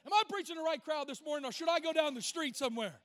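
High, bright-voiced pastor preaching. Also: male voice, racing. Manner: call-and-response preaching, rising to shouts. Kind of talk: sermon. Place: church.

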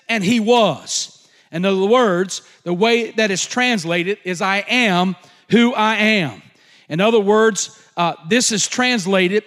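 A man preaching a sermon, slow and emphatic, repeating key phrases with occasional fillers. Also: high voice, fairly bright tone. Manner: emphatic repetition, slow deliberate delivery with fillers.

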